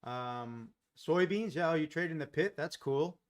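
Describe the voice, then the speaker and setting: A man's voice: on the high side, lively intonation, unhurried. American man chatting on a trading stream. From Los Angeles, USA. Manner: chatty, thinks aloud, talks to chat viewers. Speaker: live trading stream host. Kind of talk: casual live-stream commentary.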